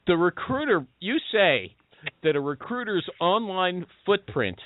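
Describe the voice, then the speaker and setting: A man's voice: high-pitched, very animated, measured pace, phone-quality sound. A man hosting a heated panel talk, an interrupting, pushy questioner. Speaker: host.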